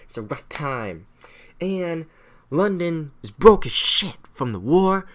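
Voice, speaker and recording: A man's voice: on the high side, sing-song, slow pace, fairly bright tone. Profane, rambling man recapping history. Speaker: history explainer.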